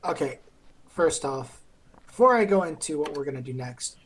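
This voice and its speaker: A man's voice: on the high side, animated, normal speed, slight background noise, rough recording. A man playing a tabletop game, talking in character with a brash, pushy manner. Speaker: player.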